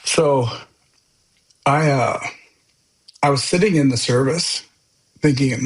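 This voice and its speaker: Male podcast guest, earnest and candid, middling pitch, loose conversational testimony. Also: slow pace, long pauses, low-quality recording. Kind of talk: personal testimony storytelling.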